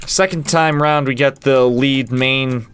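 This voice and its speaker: Man, producer walkthrough, smooth clear voice, middle pitch, relaxed, counts beats out loud, faint music behind. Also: slow pace. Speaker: producer and guitarist. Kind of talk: casual walkthrough of a song's production.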